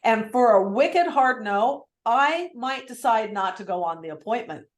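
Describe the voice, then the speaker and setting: Lively woman coach in an echoey room. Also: a little high, measured pace. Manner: energetic, animated, acts out client lines. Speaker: real estate coach. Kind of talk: coaching session on a video call.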